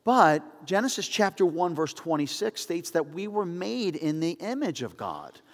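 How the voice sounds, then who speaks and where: A male pastor preaching in a casual, storytelling way with animated asides. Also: on the high side, measured pace, big-room sound. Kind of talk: sermon.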